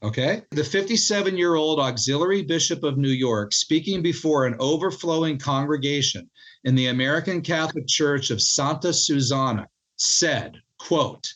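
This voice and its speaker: A middle-aged man, an author being interviewed, telling a story in animated fashion and acting out quoted lines. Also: fairly high pitch, moderate pace, rough recording. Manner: animated storyteller, quotes others in their voices. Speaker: author and historian guest.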